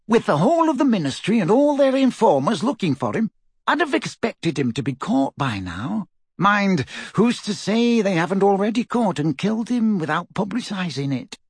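A man's voice: high-pitched, big pitch swings, moderate pace, husky, no room sound, studio quality, voice pushed up, exaggerated voice. A man voicing a gloomy, doubtful middle-aged wizard in a storybook reading, talking heavily. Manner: heavy, doubtful.

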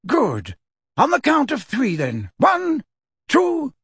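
A man voicing an elderly wizard headmaster who speaks in a measured, authoritative and courteous way, in a dry, close recording. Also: very high voice, wildly swooping pitch, a bit bright, no echo, voice pushed up, full character voice. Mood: brisk, urgent. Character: elderly wise male headmaster wizard, calm and commanding.

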